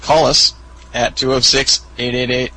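A man's voice: flat delivery, measured pace, sharp tone, slight background noise, poor audio. A man co-hosting a podcast in casual chat, telling stories and acting out quotes with a rambling manner. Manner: rambling storyteller who acts out quotes in high squeaky voices. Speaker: podcast co-host.

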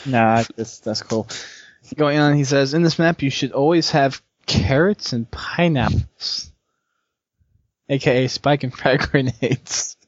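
A man's voice: medium pitch, slow, no echo, muffled recording. A man co-hosting a casual gaming podcast, moving the show along and reading listener submissions aloud. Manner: keeps the show moving, reads submissions, laughs easily. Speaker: podcast co-host.

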